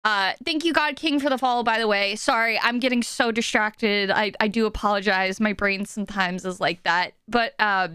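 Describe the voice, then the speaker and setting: A woman's voice: mid-range voice, moderate pace, hardly any pauses, bright, forceful tone, smooth, no echo. A young woman streaming live, chatting in a flustered, rambling way with lots of fillers and restarts, emotional and close to tears. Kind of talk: casual live-stream chat. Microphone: desk microphone.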